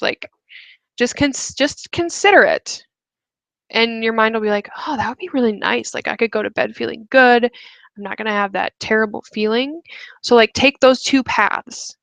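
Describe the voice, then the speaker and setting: A young woman runs a webinar, coaching viewers in a casual, chatty way and peppering her speech with "like" and "um." Her voice is on the high side and fairly bright. The recording is rough, with no room sound.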